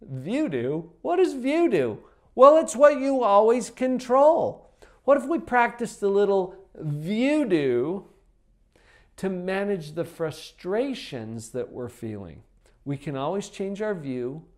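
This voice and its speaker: A man's voice: high-pitched, expressive, takes it slowly, darkish tone. A man giving a motivational personal development talk, emphatic and upbeat, full of rhetorical questions.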